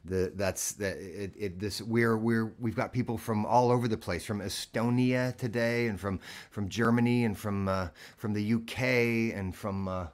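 A man's voice: lowish voice, fairly even intonation, moderate pace. A man hosting a casual livestream from his living room, rambling and self-deprecating between songs. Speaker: host and singer.

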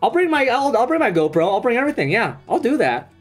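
A young man live-streaming a card pack opening, chatting excitedly with viewers and swearing casually. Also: extremely high pitch, soft background music. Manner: excitable, swearing, quick asides to chat. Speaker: streamer opening trading cards.

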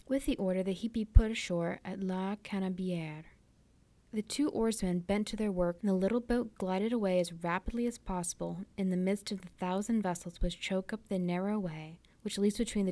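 A woman reading a classic novel aloud for a library storytime, softly and often near a whisper. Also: medium pitch.

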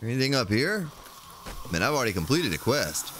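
A man's voice: medium pitch, very animated, brisk, noisy background. A man streaming a game, chatting casually and thinking aloud as he plays. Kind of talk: casual gameplay commentary.

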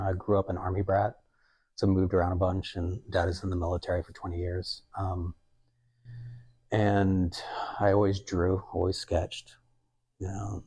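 Man, young adult, artist, very low voice, husky, relaxed rambling talk. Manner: rambling, many fillers and quoted asides. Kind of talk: casual conversational talk. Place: art museum gallery.

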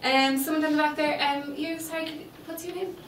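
This Spanish teacher has a high, steady, somewhat bright voice and talks a little fast, patiently walking students through step by step and often asking "okay?" The far-off room mic makes the classroom sound echoey, with slight hiss or hum.

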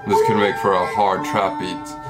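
A man's voice: low-pitched, little pitch movement, normal speed, loud music behind the voice. Goofy Swedish guy making beats. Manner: goofy, jokey and candid. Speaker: music producer and YouTuber. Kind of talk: casual beat-making vlog.

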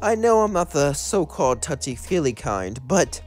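A man voicing a sly male demon who hides his scheming behind mock gentleness, his voice swooping up high. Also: big pitch swings, moderate pace, faint music behind. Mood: coaxing.

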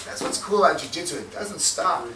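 A man with a slightly high, animated voice, talking a little fast, teaches a jiu-jitsu seminar in a loose, profane, casual style, acting out moves and sound effects. The recording is noisy and picked up from far off in an echoey room.

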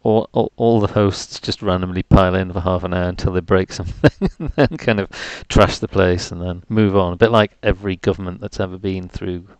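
Mild Geordie man hosting a live stream, low gravelly voice, dry close sound, joking and filling time. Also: steady tone, fairly quick, few pauses, dry recording. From North East England. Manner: jokey, chatty, self-deprecating rambling. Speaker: livestream host. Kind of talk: rambling live-stream chat.

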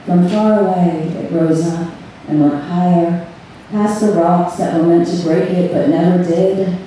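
Brief: woman reading her story live, slow and measured, captured from far off in an echoey room. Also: lowish voice, fairly even intonation, dark tone, a little hiss or hum. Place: event room on a cruise ship. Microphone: far audience camera. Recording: echoey hall recorded from far off.

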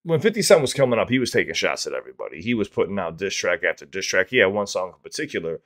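Male reaction host, lowish voice, casual and profane, quick to get worked up. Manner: excitable, profane, breaks off to explain.

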